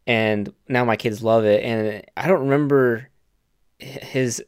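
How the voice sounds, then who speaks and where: A man's voice: medium pitch, fairly even intonation, a little slow, clean tone, no echo, clean studio sound. A man from Alaska chatting casually as a podcast co-host, easygoing and rambling. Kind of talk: casual chat.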